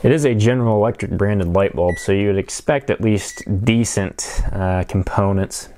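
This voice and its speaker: Low mellow man musing over a teardown. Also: moderate pace, a little hiss or hum. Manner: relaxed, thinking aloud with frequent fillers. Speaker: electronics hobbyist vlogger. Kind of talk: casual teardown narration.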